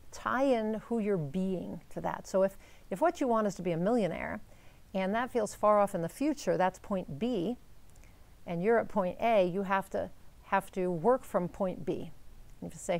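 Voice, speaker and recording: A woman with a mid-range voice and a steady gravelly fry gives a relaxed teaching talk. She coaches upbeat and direct, often pausing to ask "right?" or "okay?" to keep listeners with her. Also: mid-range voice. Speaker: manifestation coach.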